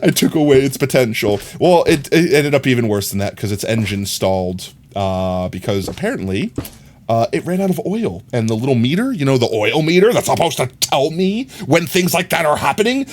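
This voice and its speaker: A man's voice: mid-range voice, very animated, brisk. A man streaming a game, chatting casually and telling a long rambling story with many fillers. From New York. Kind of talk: casual chat while gaming.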